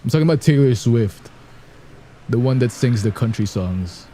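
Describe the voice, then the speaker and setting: A man talks casually to an online audience, teasing and laughing as he goes. His voice is warm and mellow, with a faint hum of ambience behind him. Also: lively intonation, normal speed. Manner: playful and joking, sings snatches of songs badly on purpose; laughs often, gets loud and high when amused. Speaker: streamer reacting to videos. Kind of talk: casual chat to viewers.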